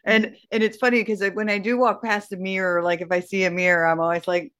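A woman's voice: mid-range voice, moderate pace, a bit bright. Enthusiastic woman podcast host. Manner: enthusiastic, laughs often. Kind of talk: conversational interview.

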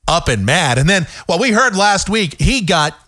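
A man's voice: sits high, big pitch swings, normal speed, sharp tone, dry recording, studio quality. A man hosting a talk radio show, ranting sarcastically in an opinionated monologue. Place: radio studio.

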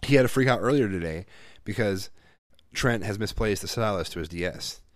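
Guy in his 30s ranting about his kids, swears a lot, lowish voice, super dry close mic. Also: a little fast, no echo. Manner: profane, animated storytelling. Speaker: parent. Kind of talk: casual chat.

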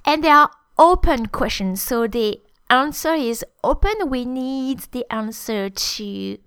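Fairly high-voiced woman teaching French. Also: lively intonation, slow, a bit bright, clean tone, no room sound. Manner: many hesitant fillers, explanatory. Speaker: French teacher, podcast host. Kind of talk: podcast language lesson.

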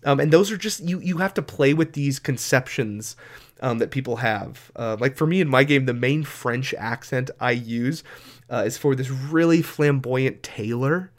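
A man's voice: mid-range voice, moderate pace. A man co-hosting a casual podcast chat about running tabletop games, talking enthusiastically with many fillers. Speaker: podcast co-host and game master.

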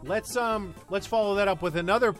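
A man's voice: high voice, a little fast, fairly bright tone, soft background music. A man co-hosting a comedy podcast, joking casually and introducing sketches. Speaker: podcast co-host. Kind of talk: casual chat.

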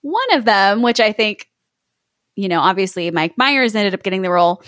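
A woman's voice: mid-range voice, very animated, moderate pace, a bit bright, dry recording. Woman podcast host, chatty, trivia-sharing, dry close sound. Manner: chatty, laughs often, shares trivia. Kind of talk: casual chat about a film.

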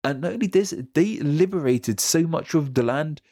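Quick, rambling podcast co-host, a man. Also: fairly high pitch, animated, mellow, dry recording, studio quality. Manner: quick, rambling explanations with fillers. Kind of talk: casual history podcast chat.

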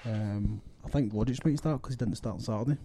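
A man's voice: medium pitch, fairly quick, creaky, mellow, slight background noise. A young Scottish man on a football podcast panel, talking casually and hesitantly, trailing off with ums.

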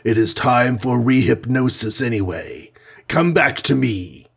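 A man with a husky voice voicing a scheming male alien villain who gives curt orders in an audiobook reading. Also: mid-range voice, animated, unhurried, heavily acted. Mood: commanding. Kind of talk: audiobook character voice.

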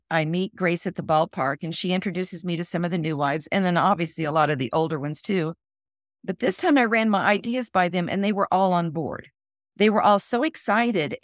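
A middle-aged woman, a guest author in an interview, tells a personal story, acting out the quoted lines of the people in it and laughing as she goes. Her voice is on the low side, captured in a dry, clean studio recording.

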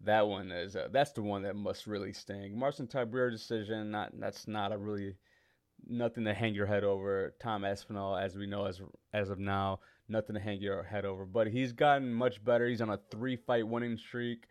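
A man's voice: on the low side, steady tone, moderate pace, no room sound, clean studio sound. A man hosting a casual fight preview, talking in a loose, joking way and often correcting himself as he rambles. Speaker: MMA podcast host.

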